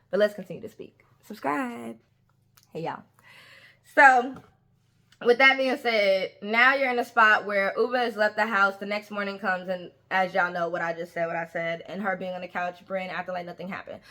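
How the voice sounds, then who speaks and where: A woman's voice: medium pitch, pushed and bright. A young woman giving opinionated casual commentary on a reality show, stressing points by repeating words.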